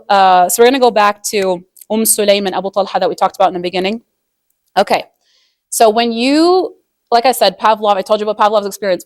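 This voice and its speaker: A woman's voice: a little high, no room sound, studio quality. A woman giving a casual religious lesson on marriage in a chatty way, full of "like", acting out quoted voices as she tells stories. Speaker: Islamic marriage teacher.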